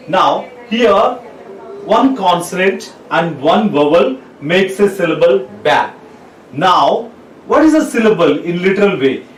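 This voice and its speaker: A man gives a slow classroom lesson. His pitch rises and falls a lot as he repeats words and spells letters aloud. The sound is roomy and distant, as if he stands back from the mic. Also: slight background noise. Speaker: English teacher. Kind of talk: classroom lecture. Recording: echoey room, voice from off the mic.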